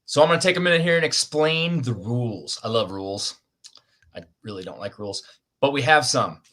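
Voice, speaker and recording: Hosting a writers' livestream on a video call, a man with a mid-range, slightly bright voice makes casual chat. He's chatty, pokes fun at himself, and jokes as he goes.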